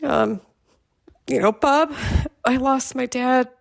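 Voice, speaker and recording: A middle-aged woman leaving a halting, heartfelt voicemail tribute as a caller. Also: high-pitched, gravelly. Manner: halting, heartfelt, pauses with ums.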